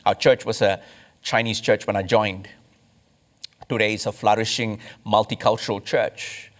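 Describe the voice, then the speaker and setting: A man from India, a pastor, preaching a sermon with emphatic rises and slow, stressed phrases. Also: on the low side, flat delivery, fairly bright tone.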